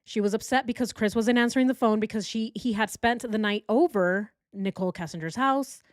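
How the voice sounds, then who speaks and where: A woman's voice: a little high, a little fast, no echo, studio quality. A woman hosting a true crime commentary, sarcastic and exasperated as she goes through evidence. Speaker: true crime channel host.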